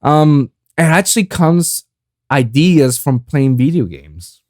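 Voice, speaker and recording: Animated, swearing podcast guy. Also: on the high side, slow pace, no room sound, clean studio sound. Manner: animated, loose and profane, repeats "I kid you not". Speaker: podcast host and music producer. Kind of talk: casual solo podcast talk. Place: lives in South Florida.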